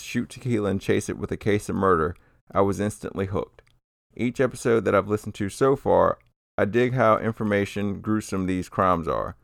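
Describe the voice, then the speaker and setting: Low gravelly-voiced man co-hosting. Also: no echo, clean studio sound. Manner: laid-back, swears casually, trails off and restarts. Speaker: podcast co-host. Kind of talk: casual podcast chat.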